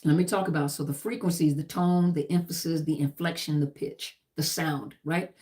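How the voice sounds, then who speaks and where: A woman's voice: sits low, fairly even intonation, moderate pace, darkish tone. A middle-aged woman who served in the army, teaching about trauma in an emphatic, repetitive lecture style full of lists and "you know".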